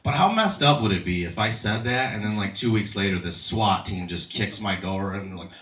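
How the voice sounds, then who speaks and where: A fairly low but animated, slightly bright voice belongs to a stand-up comedian in his thirties, speaking briskly. His crude, self-mocking set involves chatting with a laughing club crowd, and the distant mic captures the room's echo.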